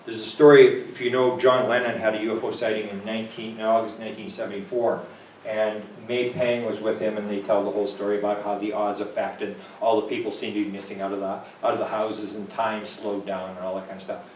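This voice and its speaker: In a talk venue room, a man from Manitoba, Canada, wanders through a storytelling lecture, imitating the voices in his tales. His fairly low, slightly mellow voice stays level and moves fairly quickly, captured by a distant mic with roomy sound and faint background noise.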